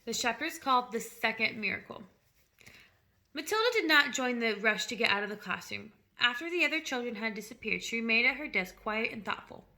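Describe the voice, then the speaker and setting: Bright-voiced woman reading aloud. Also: fairly high pitch, animated, a little fast. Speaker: storybook reader. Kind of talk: reading a children's novel aloud.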